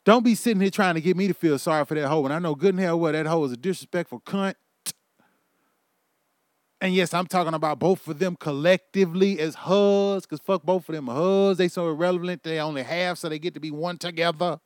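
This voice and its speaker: A man's voice: a little high, a little fast, dry recording, studio quality. A man hosting his own show, delivering a heated, profane comedic rant. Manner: heated, profane, ranting with bursts of laughter. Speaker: podcast host.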